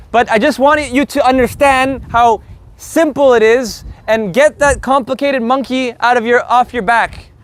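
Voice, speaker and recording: A man teaching a casual live Spanish group lesson, brash and joking, swearing casually as he explains. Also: extremely high pitch.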